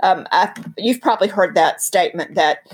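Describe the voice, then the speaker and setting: Speaking at a normal speed in a lowish, breathy voice, a Southern-accented guest from North Carolina shares earnest faith teaching in conversation. Her delivery is emphatic and preacherly, built around storytelling.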